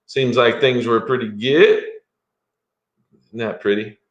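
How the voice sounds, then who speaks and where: A man's voice: medium pitch, steady tone, slow, muffled recording. A man doing a live-stream tarot reading as a psychic, chatty and rambling, with frequent chuckles. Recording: echoey room.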